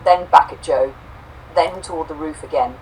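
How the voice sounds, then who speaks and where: A woman co-host reading a homespun robot story aloud, saying the quote marks out loud, then reflecting warmly on it. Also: low-pitched, normal speed, far from the mic, heavy background noise. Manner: warm, affectionate, reads quote marks aloud.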